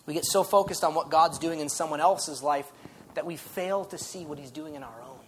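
A man, a pastor, preaching a sermon in a lively, conversational way with frequent restarts. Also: on the high side, normal speed, a little hiss or hum.

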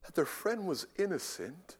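A man preaching a sermon, telling a story with big swings from shouting to near whispers and a habit of repeating his words as he starts. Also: sits high, sing-song, moderate pace, slightly rough.

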